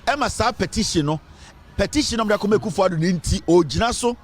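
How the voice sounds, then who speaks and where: A man's voice: high voice, quick pace, husky. A man with a Ghanaian accent hosting an online news show, emphatic and repeating phrases as he comments on politics. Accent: Ghanaian English. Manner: switches between English and Twi, emphatic, repeats phrases.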